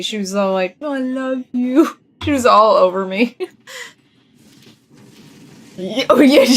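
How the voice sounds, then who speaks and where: A woman streaming a video game live, chatting casually, laughing often and scolding her cat between moves. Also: medium pitch. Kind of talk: casual live-stream chat while gaming.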